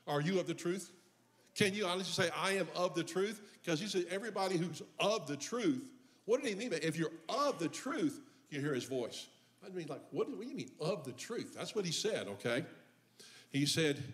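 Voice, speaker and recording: An older man preaching a sermon as pastor, joking and folksy between scripture readings. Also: fairly high pitch. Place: church.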